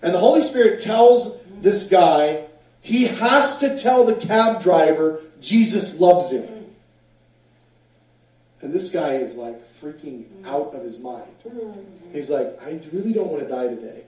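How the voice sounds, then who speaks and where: A man with a fairly high voice preaches with animated storytelling. He is picked up from a distance in a very echoey hall. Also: measured pace. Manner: animated storyteller, acts out quotes. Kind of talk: sermon storytelling.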